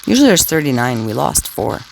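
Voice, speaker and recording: A woman's voice: extremely low pitch, big pitch swings, fairly quick, creaky, slight background noise, low-quality recording. A woman rambling crudely to her livestream listeners, taunting them and tagging her sentences with questions. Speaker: scanner livestreamer talking to listeners. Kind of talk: rambling casual monologue.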